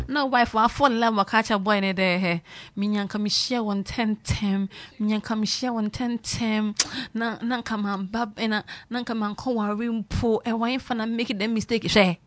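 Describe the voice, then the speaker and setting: A woman, chatting casually to her viewers in an animated way and mixing in local slang. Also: medium pitch, normal speed. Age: 20s. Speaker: vlogger commenting on a reality show. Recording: loud music playing behind.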